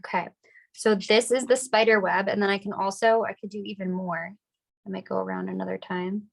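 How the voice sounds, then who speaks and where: A young woman getting over a cold, teaching a relaxed, chatty, upbeat step-by-step decorating class. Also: mid-range voice, brisk, gravelly. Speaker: craft class instructor. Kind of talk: casual step-by-step demonstration.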